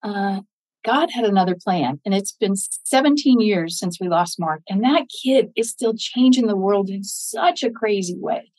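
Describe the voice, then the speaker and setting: A woman podcast guest, a bereaved mother, telling her story in an earnest, faith-filled way, animated when she quotes others. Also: mid-range voice, unhurried, no echo, low-quality recording. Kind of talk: interview storytelling.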